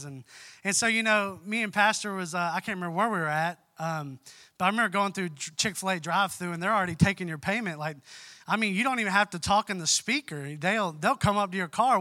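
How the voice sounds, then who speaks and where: A man's voice: high-pitched, pushed and bright, no room sound. A young man giving a conversational sermon as pastor in a church, folksy and full of asides. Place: church sanctuary.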